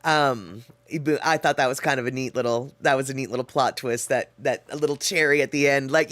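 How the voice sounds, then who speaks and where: A man's voice: mid-range voice, moderate pace, few pauses, fairly bright tone, no room sound. A man hosting a livestream, chatting casually, reading viewer comments aloud and laughing often. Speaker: livestream host.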